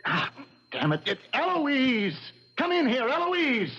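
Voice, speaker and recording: A man playing a nervous husband in hiding who stammers and talks haltingly, in a 1970s radio drama. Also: a little high, lively intonation, husky, heavily acted. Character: nervous middle-aged husband hiding in witness protection. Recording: dull old radio broadcast.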